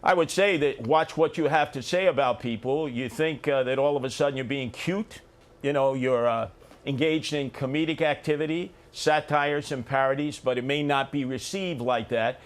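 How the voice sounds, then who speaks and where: A man's voice: mid-range voice, moderate pace. A man, a mayoral candidate and longtime radio talker, speaking bluntly in short punchy phrases in a live TV studio debate.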